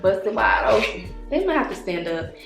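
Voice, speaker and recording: A young woman talks casually to her camera, chatty and playful, and sometimes drops to soft murmurs between bites. Her voice sits in the middle of the usual range for a woman. She is recorded in an echoey room with faint music playing underneath. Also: medium pitch, sing-song, normal speed, gravelly. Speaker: wellness vlogger.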